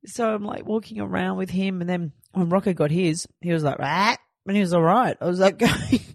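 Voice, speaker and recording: Brief: female podcast host, low voice, chatty storyteller, dry close sound. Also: steady tone, fairly quick, creaky, a little mellow, no echo. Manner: chatty, storytelling, rambling asides. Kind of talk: casual chat.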